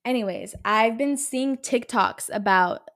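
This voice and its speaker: Young woman podcast host ranting, kinda high voice, lots of cussing and "like"s. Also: a little slow, fairly bright tone. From California. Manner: heated, profane, uses lots of fillers. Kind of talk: casual solo podcast rant.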